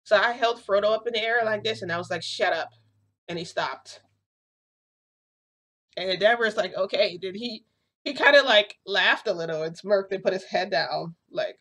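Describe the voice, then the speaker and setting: A young woman with a low-pitched voice recounts a story in a casual vlog. She chats easily and slips into quoting the other people in the story as she goes. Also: a bit bright. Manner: chatty, acts out quotes of others in dialogue. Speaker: vlogger telling a reality-shifting story.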